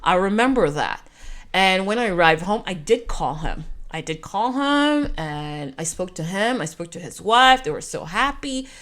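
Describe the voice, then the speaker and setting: A woman's voice: on the low side, expressive, normal speed, a bit bright. A Canadian woman in her forties telling a personal travel story to camera in an emotional, repetitive, heartfelt way. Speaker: vlogger. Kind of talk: storytime monologue.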